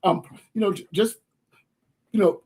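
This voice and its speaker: A man co-hosting a stream who teases his co-host and jokes around in an animated way. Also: high-pitched, measured pace, breathy edge. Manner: animated, teasing. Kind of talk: reaction commentary.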